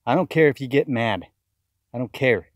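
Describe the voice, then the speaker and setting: A man's voice: medium pitch, lively intonation, normal speed, no echo, studio quality. A man giving a fiery, accusatory video sermon, often repeating words as he rants. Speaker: self-styled preacher. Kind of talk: impassioned video sermon rant.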